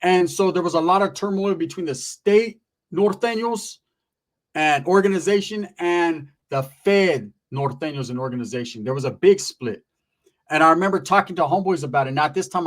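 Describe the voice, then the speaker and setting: A man's voice: fairly high pitch, a little fast. A man, telling a story in a casual, slangy and profane way. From Merced area, California.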